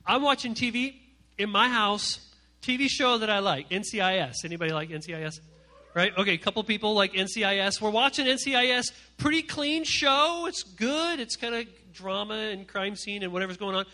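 A man preaching to a youth group from a stage, animated and joking as he acts out the voices of the people he quotes. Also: high voice, brisk. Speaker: youth pastor. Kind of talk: energetic comic sermon to a youth group. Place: stage before a live audience.

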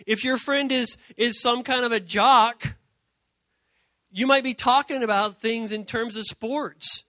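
A man giving an energetic youth sermon, animated, repeating his key points and acting out quoted voices. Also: high voice, no echo. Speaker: youth speaker.

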